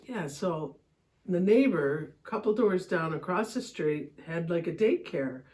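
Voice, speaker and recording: Animated middle-aged woman telling stories. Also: unhurried, slight background noise. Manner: animated, laughs often, voice jumps high when excited. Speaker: podcast host. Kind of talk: casual storytelling chat.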